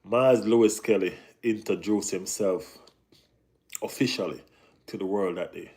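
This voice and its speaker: Slangy, animated man. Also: lowish voice, normal speed. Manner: animated, slangy, repeats himself. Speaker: football channel host. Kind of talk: casual live-stream chat.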